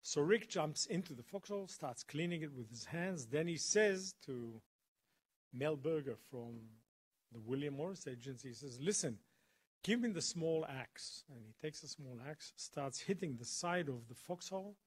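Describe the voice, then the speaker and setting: A man tells a dramatic story to a college audience and acts out the dialogue as he goes. His voice is a bit husky and sits slightly high. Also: lively intonation, moderate pace. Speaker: guest speaker. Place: college lecture hall.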